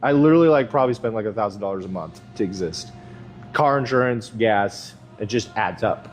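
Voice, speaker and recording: A man's voice: on the low side, animated, brisk, faint music behind. A young man chatting casually while working out in a gym, rambling and swearing freely with a self-mocking edge. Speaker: vlogger.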